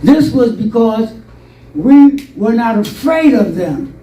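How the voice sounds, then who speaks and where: An older man telling stories in an interview, animated and rambling, acting out voices from his past. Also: very high voice, slow pace, far from the mic. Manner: rambling, animated storytelling with acted quotes. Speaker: interview guest. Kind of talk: storytelling interview. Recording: roomy, from off-mic.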